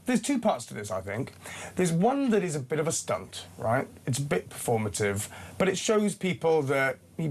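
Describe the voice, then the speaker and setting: Measured Welsh-accented man. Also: medium pitch. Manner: measured, explanatory. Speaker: panel guest. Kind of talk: studio panel discussion.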